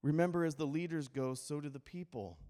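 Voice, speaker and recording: A man's voice: on the high side, brisk, mellow. A man from Idaho preaching a sermon, asking the congregation questions and mixing in casual humor. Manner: conversational preaching with call-and-response questions and humor. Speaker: pastor.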